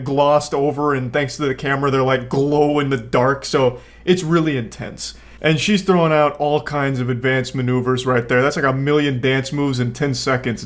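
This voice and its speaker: A young man giving casual commentary on a video clip, with a dry, deadpan, sarcastic delivery, relaxed pacing and casual swearing. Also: medium pitch. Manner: relaxed, unhurried storytelling with frequent fillers. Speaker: YouTube commentator.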